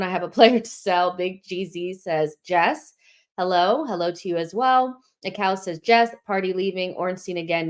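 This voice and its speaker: A young woman hosting a live football fan stream, chatting casually, a little out of breath as she reads viewer comments. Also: fairly low pitch. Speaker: host of a football fan show.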